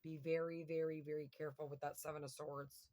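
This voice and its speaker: A woman's voice: low-pitched, little pitch movement, quick pace, warm tone, slight background noise. A woman giving a casual tarot reading to her viewers, chatty and thinking aloud with lots of fillers. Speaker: tarot reader.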